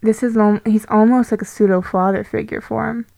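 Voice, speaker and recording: A woman's voice: medium pitch, fairly even intonation, fairly quick, creaky, mellow, dry recording, rough recording. Thoughtful young woman, dry close sound. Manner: thoughtful, hedging, many fillers. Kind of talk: casual podcast discussion of a film.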